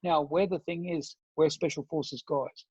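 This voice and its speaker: A man with an Australian accent, a former soldier, telling stories in a casual interview and jumping into higher mock-friendly voices when he quotes people. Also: measured pace, breathy edge, no room sound, muffled recording. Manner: animated storyteller, slips into high mock-friendly voices when quoting.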